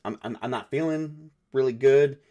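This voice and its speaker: A man's voice: mid-range voice, moderate pace, dark tone, highs cut off, natural voice. A man voicing a sick, frightened young man who has been bitten; he stammers and sounds feverish and unwell. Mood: queasy. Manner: stammering, shaky.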